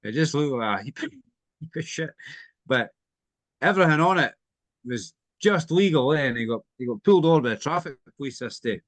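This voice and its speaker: A man's voice: a little high, lively intonation, normal speed, long pauses, dry recording. Man, co-host, easygoing storyteller with chuckles, dry close sound. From Scotland. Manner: chuckling storyteller, tags lines with "eh?". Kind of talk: casual chat.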